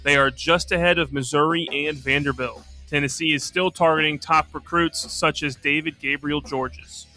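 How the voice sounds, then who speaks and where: A man co-hosting sports radio, reading sports headlines in a brisk way. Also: fairly high pitch, steady tone, sharp tone, soft background music. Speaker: sports radio co-host reading news items.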